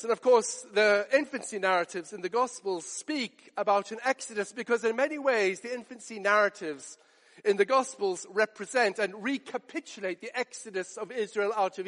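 A man's voice: sits high, fairly bright tone. A man preaching a sermon to his congregation in an earnest way, repeating phrases for emphasis. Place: church. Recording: long church reverb.

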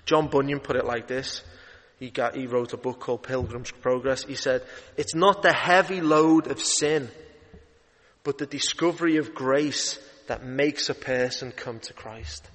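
Man preaching in an echoing hall. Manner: lively, emphatic, rising to urgent pitch. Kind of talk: evening sermon. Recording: long hall reverb.

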